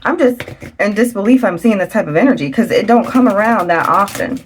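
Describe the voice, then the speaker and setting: A woman giving a chatty tarot reading to her viewers. She talks fast and loose, often getting excited, exclaiming and laughing at the cards. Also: medium pitch, slight background noise. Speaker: tarot reader. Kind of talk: casual tarot reading to camera.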